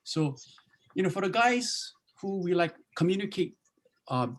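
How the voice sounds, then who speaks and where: A pastor from Hawaii with a Hawaiian Pidgin accent, talking easygoingly in a casual panel discussion over a video call and slipping into Pidgin phrasing. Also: male voice, sits high, expressive, unhurried. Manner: easygoing, slips into Pidgin phrasing, many restarts. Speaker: pastor and Bible translator.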